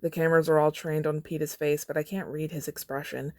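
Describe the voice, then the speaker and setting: A young woman with a notably low voice reads fan fiction aloud, dropping wry, casual asides between passages. The sound is dry and close, with no room echo. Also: level tone, a little fast. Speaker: podcast host.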